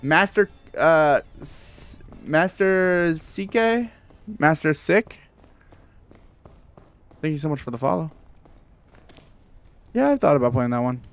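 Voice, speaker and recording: A man's voice: a little high, expressive, slow, pauses often, clear, resonant tone, no echo. A young man chatting casually while streaming a game, rambling with lots of fillers and answering chat. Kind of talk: casual gameplay livestream chat.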